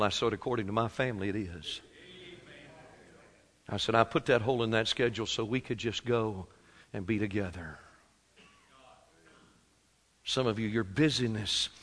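Preaching man in a reverberant hall. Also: medium pitch. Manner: swings from quiet storytelling to shouted preaching. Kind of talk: sermon.

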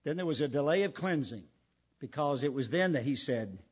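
A man preaching a sermon emphatically, asking repeated rhetorical questions and swinging between loud and hushed delivery. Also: on the high side, animated, fairly quick, slightly rough, lo-fi sound.

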